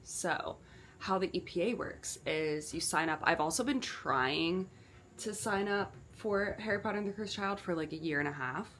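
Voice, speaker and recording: A woman's voice: on the low side, normal speed, fairly bright tone. A young woman, an actor, chatting casually to her vlog camera with lots of "like" fillers. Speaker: actor and vlogger.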